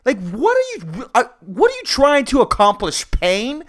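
A man's voice: very high-pitched, huge pitch swings, unhurried, fairly bright tone. A man hosting a solo comedy podcast, ranting in a profane, rambling way and laughing at his own jokes. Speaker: podcast host.

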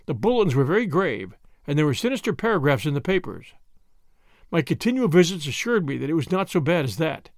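Man narrating a classic story, slightly high voice, dry close recording. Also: no room sound. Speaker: audiobook narrator. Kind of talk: first-person storybook narration.

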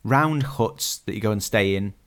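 A man's voice: normal speed, fairly bright tone. A man co-hosting a podcast, joking around in casual chat and putting on comic voices. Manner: playful, jokey, swings pitch widely for comic voices. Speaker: podcast co-host.

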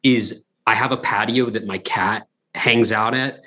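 Podcast co-host, male, slightly rough voice, chatty, restless, swears freely. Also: fairly low pitch, unhurried. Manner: rambling, animated, lots of restarts and profanity. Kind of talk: casual podcast banter.

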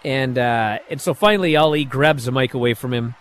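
A man casually recapping a wrestling show, animated and sarcastic, acting out quotes with sudden bursts. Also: mid-range voice, a little fast, dry recording.

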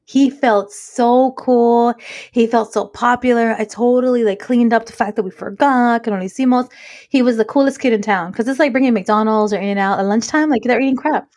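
Female podcast co-host, animated storyteller, a little higher pitch, casual chat. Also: moderate pace. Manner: lively storyteller, acts out quotes, Spanish asides.

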